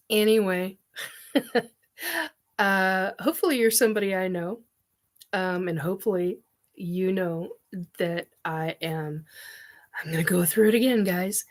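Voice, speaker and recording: A middle-aged woman hosting a casual live chat, rambling with many ums and laughs as she reads viewer comments. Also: mid-range voice. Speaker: livestream host.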